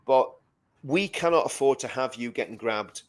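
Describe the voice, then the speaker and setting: On a casual live stream, a male co-host with a mid-range voice speaks at a moderate pace with lively intonation. He's emphatic, repeating words while developing his point.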